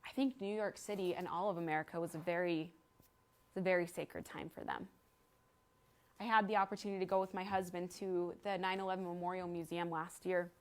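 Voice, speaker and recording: A woman in her thirties giving an earnest talk to a live audience, telling a story and guiding them through an exercise. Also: on the low side. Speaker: speaker at a library event.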